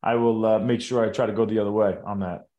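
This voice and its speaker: A man appearing as a guest on a casual podcast, talking in a relaxed, friendly, reflective way. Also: fairly low pitch, quick pace, reverberant, muffled recording.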